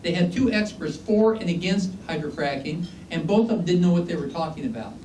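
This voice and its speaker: Man, geology lecturer, joking and conversational, higher-pitched voice, distant mic in an echoey room with faint hiss. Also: expressive, fairly quick, a little mellow. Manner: chatty, joking, asks the audience questions. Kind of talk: informal lecture with anecdotes.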